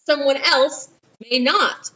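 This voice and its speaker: A woman's voice: high voice, takes it slowly, sharp tone, distant mic, poor audio. A woman teacher with a New Orleans accent giving a chatty history lesson with asides. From Louisiana, USA. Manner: chatty, with asides and quoted voices. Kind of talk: recorded history lesson for a class.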